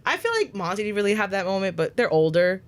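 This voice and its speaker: A young woman co-hosting a podcast in casual chat, animated and swearing freely as she acts out lines from books. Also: mid-range voice, fast. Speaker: podcast co-host.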